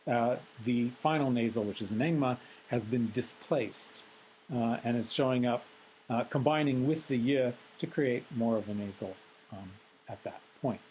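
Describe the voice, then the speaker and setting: A man teaching a recorded software tutorial lecture, methodical and explanatory with frequent ums. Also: mid-range voice, normal speed, slight background noise, rough recording. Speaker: instructor.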